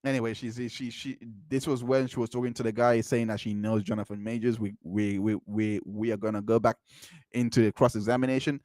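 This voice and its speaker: A man's voice: lowish voice, little pitch movement, fairly quick, a little mellow, dry recording. A man hosting a channel, giving casual commentary on court transcripts, often repeating himself and making incredulous asides. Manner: repetitive, restarts phrases, incredulous asides.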